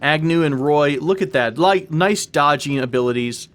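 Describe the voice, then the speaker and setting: A man's voice: a little high, moderate pace, a bit bright. A man hosting a let's play, chatting casually and playfully to viewers while he plays. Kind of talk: casual gameplay commentary.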